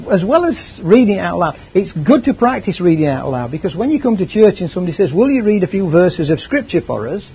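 A man's voice: sits high, slightly rough. A man preaching a sermon in a chatty, conversational way, drifting into asides. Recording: dull lo-fi recording.

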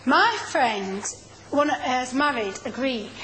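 A woman's voice: high-pitched, animated, pushed and bright, slight background noise, rough recording. A woman teaching a Bible study class, patiently explaining and calling on people to read. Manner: slow, patient, explaining and prompting readers.

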